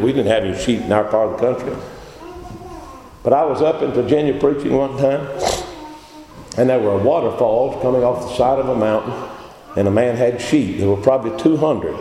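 Fervent preacher in echoey hall. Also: male voice, a little hiss or hum. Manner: fervent, swings from low drawl to shouts. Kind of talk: sermon. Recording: echoey hall with faint background.

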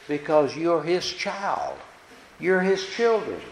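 A man's voice: a little high, sing-song, slow, slight background noise. A man preaching a sermon in a church, folksy and plain-spoken, often checking in with the congregation through tag questions. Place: church sanctuary. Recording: echoey hall reverb.

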